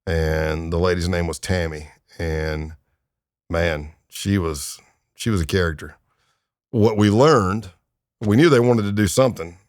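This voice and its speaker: With a deep, unhurried voice, a middle-aged retired FBI undercover agent tells crime stories as a podcast guest, relaxed and casual, with lots of chuckles and fillers. The podcast studio sound is clean and free of echo.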